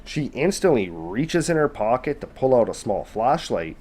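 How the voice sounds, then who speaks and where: A man's voice: medium pitch, big pitch swings, normal speed, darkish tone. A man narrating an eerie encounter story in a loose, conversational way, with lots of filler words. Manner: loose, conversational, with many fillers like "kind of" and "basically". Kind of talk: casual retelling of a scary story.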